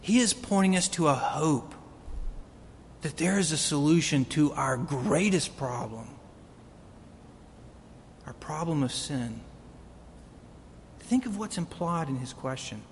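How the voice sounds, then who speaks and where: Slow earnest preacher guy, kinda high voice, big echoey hall. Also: expressive. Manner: earnest, swelling to emphatic peaks. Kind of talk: sermon. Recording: long reverb of a hall, faint rumble.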